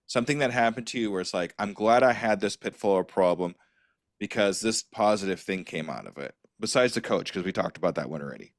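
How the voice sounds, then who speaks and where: A man with a lowish voice hosts a podcast and asks earnest, searching questions. His conversational tone is open and sincere. The recording is dry, with no room sound. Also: animated, fairly quick, no room sound. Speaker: podcast host. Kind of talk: conversational interview.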